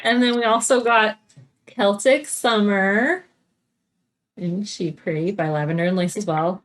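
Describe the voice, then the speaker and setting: Her mid-range voice is expressive and moves at normal speed. Co-hosting a cross-stitch video podcast with a TV playing in the background, she shows off her craft supplies in a chatty, bubbly, filler-filled casual chat.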